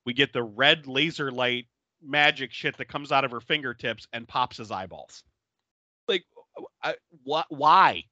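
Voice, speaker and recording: A man's voice: mid-range voice, unhurried, no echo, muffled recording. A man co-hosting a casual podcast, retelling a movie plot with lots of laughter and acted-out quotes. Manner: laughing often, animated retelling with quoted voices. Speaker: podcast co-host. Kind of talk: casual movie recap chat.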